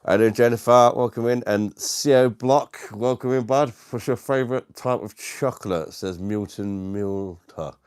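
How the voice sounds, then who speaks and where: A man's voice: medium pitch, normal speed, hardly any pauses, darkish tone, smooth, no echo, studio quality. A British man hosting a casual live stream from his dining room, greeting viewers and chatting in a laid-back way with frequent laughs. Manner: laid-back, laughs often, says mate a lot. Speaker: livestream host.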